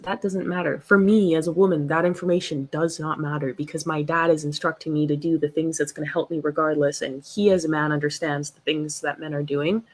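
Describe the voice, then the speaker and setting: Passionate young woman livestreaming. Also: sits low. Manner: passionate, emphatic, animated. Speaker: livestream host. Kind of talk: casual livestream talk reading chat.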